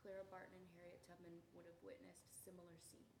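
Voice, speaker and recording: A woman reads captions from presentation slides in a matter-of-fact tone. The room is echoey, and clear background noise runs underneath her voice. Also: lowish voice, completely flat delivery, fast talker. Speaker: presentation assistant reading slides. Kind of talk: reading slide captions aloud.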